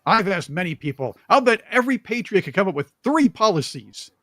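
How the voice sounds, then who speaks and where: A man hosting a political talk show, opinionated and joking, with emphatic, animated delivery. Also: high-pitched, fairly quick, no echo, studio quality.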